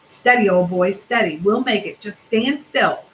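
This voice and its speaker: A woman's voice: medium pitch, a little slow, roomy sound, slight background noise, close to an everyday voice, rough recording. A woman doing a coaxing, clever storybook father. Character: a calm, clever man on a rescue mission. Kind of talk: reading a storybook aloud.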